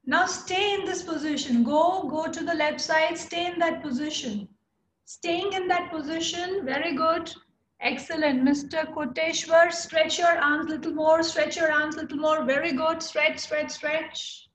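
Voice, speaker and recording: Young Indian-accented woman as encouraging yoga teacher, slow-paced, recorded in a roomy space. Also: very high voice, fairly even intonation, a bit bright. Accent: Indian English. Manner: encouraging, coaching by name, slow cues. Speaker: yoga instructor. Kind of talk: live online chair yoga class.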